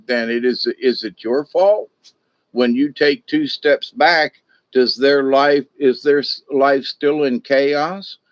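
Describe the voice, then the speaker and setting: A man's voice: medium pitch, no echo, muffled recording. A middle-aged man, hosting a casual spiritual talk in a rambling, folksy way that repeats itself. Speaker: spiritual discussion host.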